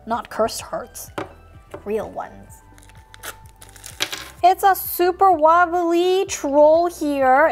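A woman hosting a toy unboxing video, narrating in a silly, playful way and making sound effects. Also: high-pitched.

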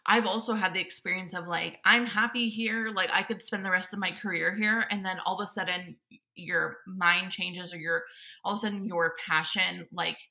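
Goofy woman with a gravelly edge. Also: on the low side, steady tone, fairly quick, pushed and bright. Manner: goofy, rambling, giggly. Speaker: guest and salon owner. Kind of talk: casual chat.

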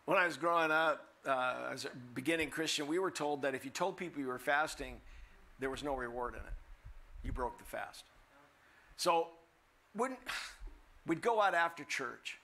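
Man, older, sermon, guest preacher, bright forceful voice, slightly high pitch, animated, humorous. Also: normal speed. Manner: animated, acts out quoted voices, humorous asides.

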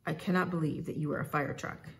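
A woman's voice: low-pitched, fairly even intonation, fast talker, gravelly, slight background noise. A woman voicing a young male race car in a storybook reading, incredulous and questioning.

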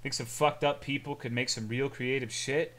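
A man's voice: medium pitch, steady tone, moderate pace, a bit bright. A man streaming, chatting casually in a rambling, jokey way and reading chat aloud.

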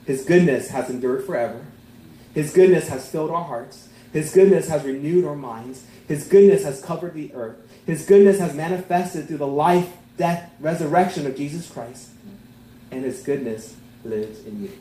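A male pastor delivers a heartfelt sermon in a fairly high voice. He builds to emphatic peaks and then softens to near-tender lines. The room is echoey, with a faint hum of ambience behind him. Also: moderate pace. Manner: earnest, rising to emphatic peaks then dropping soft and tender.

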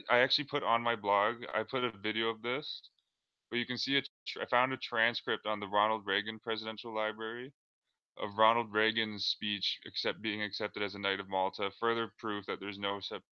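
A man giving casual commentary over a screen share, halting and full of "like" and "uh". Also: on the low side, clear, resonant tone, dull audio. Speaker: video creator.

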